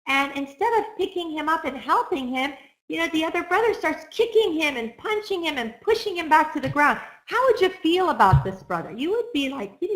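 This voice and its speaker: A woman with a fairly high voice gives an encouraging talk as a counselor, earnest and direct. She often turns to her listeners with questions. The room around her rings with echo. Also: a bit bright. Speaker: counselor speaking on self-esteem. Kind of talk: talk to an audience.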